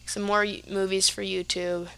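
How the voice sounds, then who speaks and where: A woman's voice: medium pitch, little pitch movement, normal speed, creaky, pushed and bright, clean tone. A teenage girl hosting a podcast, telling a story casually with lots of "like" and "yeah". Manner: chatty, lots of fillers like "like" and "yeah". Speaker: podcast host.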